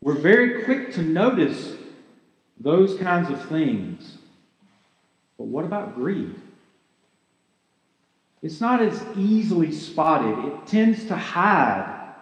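A man's voice: fairly high pitch, very animated, takes it slowly, long pauses, roomy sound, big-room sound, low-quality recording. A man giving a sermon as pastor, earnest and conversational, asking his listeners rhetorical questions.

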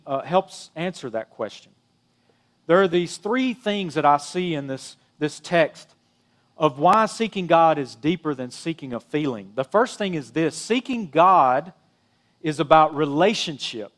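A middle-aged man with a notably high voice delivers a sermon. He keeps it conversational, full of "you know" asides. His emphasis rises on key phrases and falls to near-hushed endings. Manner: conversational preaching, rising and dropping emphasis, frequent "you know". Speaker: pastor.

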